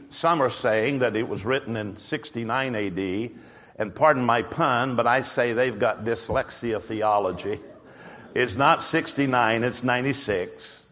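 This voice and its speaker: A man's voice: mid-range voice, a bit bright. A man preaching a sermon, emphatic and full of rhetorical questions. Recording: long hall reverb.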